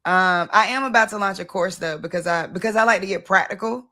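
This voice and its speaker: A woman hosting a casual conversation, talking bluntly and in an animated way, acting out the things she says to people. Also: medium pitch, quick pace. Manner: blunt, animated, acts out her own past self. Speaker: host, founder of the organization.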